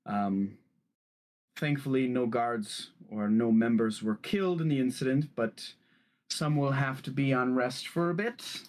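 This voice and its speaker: A proud corporate official who chooses his words slowly and formally, as a man voices him. He sounds polite and measured in a tabletop game, close to an ordinary speaking voice. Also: medium pitch, close to an everyday voice.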